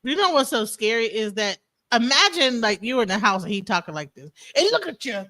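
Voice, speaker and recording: A woman co-host with a high voice tosses out slangy, exclamatory reactions in casual chat. Her tone is bright and sharp, and she keeps it animated. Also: a little fast.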